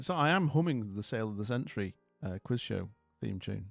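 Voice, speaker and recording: A man's voice: lowish voice, lively intonation, brisk, creaky, dry recording, faint music behind. A middle-aged man with a Scottish accent hosting a livestream, chatting casually, telling a story and reading chat aloud. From Scotland. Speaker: livestream host.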